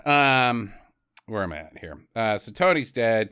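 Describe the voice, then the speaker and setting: A rambling, profane man co-hosting a comedy film review podcast. His pitch is middling but he swings it around a lot as he jokes. The sound is close and dry, with no room in it. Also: sing-song, fairly quick, pushed and bright, no echo. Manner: profane, rambling, jokey asides. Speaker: podcast co-host.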